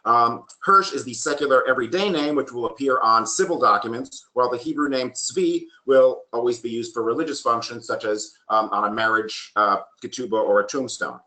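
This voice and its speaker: With few pauses and a fairly quick pace, a man gives a slide-based genealogy workshop in a sharp, mid-range voice. Frequent ums and a dry joke now and then punctuate his steady explanations, and the recording has a roomy echo.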